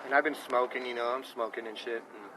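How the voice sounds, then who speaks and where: A man's voice: medium pitch, fairly even intonation, fast talker, noisy background. A man in his thirties from the United States talks to his stream in a casual, rambling monologue, swearing often and stressing his points. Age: 30s. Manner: profane, emphatic, thinking aloud. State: dry throat.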